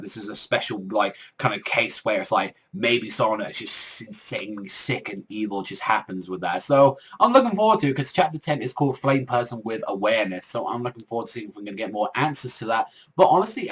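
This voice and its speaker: A man's voice: mid-range voice, breathy edge. A young man casually reviewing a manga chapter, rambling with heavy swearing and constant filler words.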